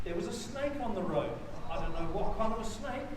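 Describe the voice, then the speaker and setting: A man's voice: high voice, expressive, brisk, background noise. A man from Australia preaching a sermon as pastor, telling a personal story in a chatty way and correcting himself as he goes. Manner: anecdotal, conversational with self-corrections. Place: church. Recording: echoey church, mic from far off.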